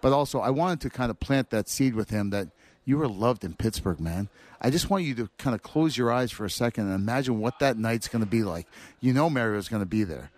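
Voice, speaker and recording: A man, a former player, telling animated anecdotes as a guest. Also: medium pitch, a little fast, dry recording. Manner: animated storyteller acting out quotes. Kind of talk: anecdotal storytelling.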